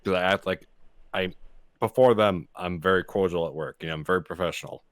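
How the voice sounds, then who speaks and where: A man's voice: deep voice, brisk, dry recording. A young man co-hosting a podcast, telling profane stories about his job and laughing often. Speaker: podcast co-host. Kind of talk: casual storytelling chat.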